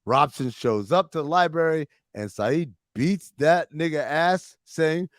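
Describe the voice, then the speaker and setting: A man recaps TV episodes on a podcast, profane and animated, acting out the characters' lines as he goes. His voice sits at an ordinary middle pitch. The sound is dry and close, with no room around it. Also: moderate pace, dry recording. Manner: profane, animated storytelling with quoted dialogue. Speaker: podcast host recapping a TV series. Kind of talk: casual recap chat with friends.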